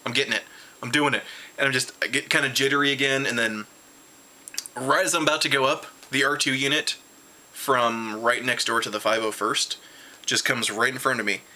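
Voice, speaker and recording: A tired man at home, rambling excitedly through a casual convention recap with lots of restarts. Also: normal speed. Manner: jumps high in pitch when retelling his reactions. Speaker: vlogger reviewing a convention.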